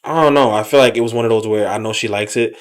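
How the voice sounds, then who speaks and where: A man co-hosting a podcast, giving relaxed, joking, slangy commentary on a reality show. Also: fairly low pitch, fast. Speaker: podcast co-host. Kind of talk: casual recap chat.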